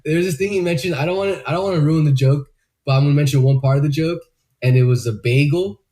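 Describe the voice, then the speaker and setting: A man's voice: fairly high pitch, quick pace, dark tone. A man co-hosting a podcast in loose, casual chat, swearing freely and laughing often. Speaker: podcast co-host.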